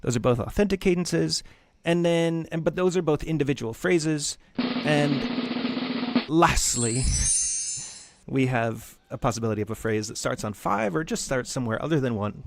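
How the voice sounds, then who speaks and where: A man's voice: on the high side, expressive, moderate pace, gravelly. A man teaching music theory in a loose, conversational lecture with jokey asides. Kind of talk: casual lecture.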